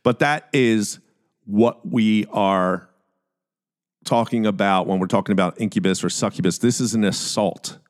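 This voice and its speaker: A man with a Philadelphia accent talks through a casual solo podcast, his voice sitting a little low. He keeps things chatty and jokey, tossing in self-deprecating asides as he goes. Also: unhurried. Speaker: podcast host.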